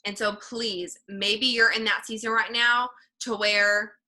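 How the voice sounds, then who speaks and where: Bright, earnest woman cheering her team on. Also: a little high, level tone, measured pace, low-quality recording. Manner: earnest, encouraging, many "like" fillers. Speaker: team leader. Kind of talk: motivational team talk.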